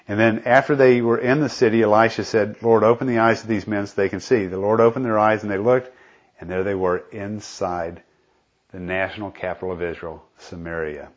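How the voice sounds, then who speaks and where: A man's voice: lowish voice, steady tone, a little fast. A man teaching a Bible study, reading scripture aloud and explaining it in a casual, conversational way. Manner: frequent fillers and restarts, conversational. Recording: dull lo-fi recording.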